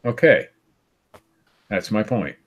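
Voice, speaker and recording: A man's voice: fairly low pitch, very animated, slow pace, husky. A man in his forties co-hosting a casual podcast chat, arguing his point and laughing often. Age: 40s. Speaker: podcast co-host.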